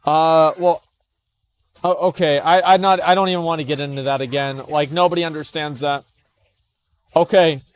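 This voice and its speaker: A man's voice: on the high side, fairly even intonation, normal speed, pauses often, clean tone. Blunt, scornful male streamer. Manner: blunt, scornful, swears, stammers and restarts. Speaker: streamer reacting to forum posts. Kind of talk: casual live-stream commentary.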